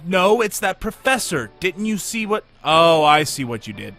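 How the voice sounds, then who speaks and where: Comedian, male, high and lively sarcastic delivery over loud film music. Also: normal speed, few pauses. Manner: sarcastic, jokey quips over film dialogue. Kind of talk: snarky riffing commentary. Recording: film soundtrack music behind.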